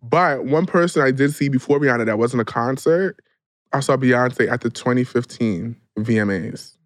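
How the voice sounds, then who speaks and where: A man's voice: mid-range voice, normal speed, no echo. A man from New York co-hosting a podcast, with a mid-range voice. He chats in a casual, slangy, dramatic way, and the recording is dry and close. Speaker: podcast co-host. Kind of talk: casual chat.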